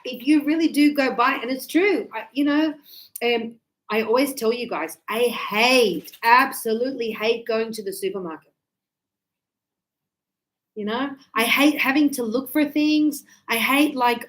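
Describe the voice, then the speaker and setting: A woman's voice: a little high, unhurried, long pauses, rough recording. A woman teaching English in a casual, chatty way, acting out everyday scenes and filling gaps with little sound effects.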